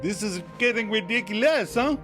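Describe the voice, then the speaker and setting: A man voicing a frantic field nurse in the First World War, using a hammy put-on French accent in a high voice. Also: expressive, moderate pace, music in the background. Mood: weary.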